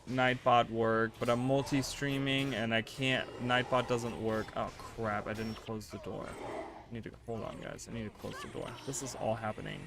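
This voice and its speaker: A man's voice: medium pitch, little pitch movement, moderate pace, noisy background. A man streaming a game live, chatting to his viewers in a casual, easily flustered and exasperated way. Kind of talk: casual livestream chat while gaming.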